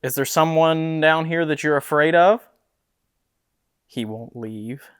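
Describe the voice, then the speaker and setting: A man's voice: a little high, slow, clean tone. A man investigating a haunted house, questioning spirits aloud in a musing way and laughing easily, recorded in a room of an old house. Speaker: paranormal investigator. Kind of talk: ghost-hunting session talk.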